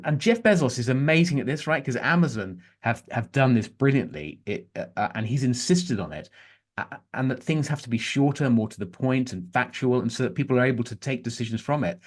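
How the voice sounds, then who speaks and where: A middle-aged man, a journalist guest on a podcast who tells animated stories and restarts his sentences often. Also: mid-range voice. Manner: animated storyteller, frequent restarts. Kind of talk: conversational interview.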